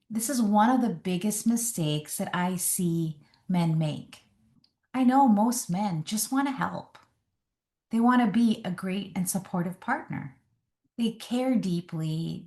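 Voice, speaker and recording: A woman relationship coach giving advice straight to the camera, in a measured, deliberate way with emphatic pauses. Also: medium pitch, a little mellow.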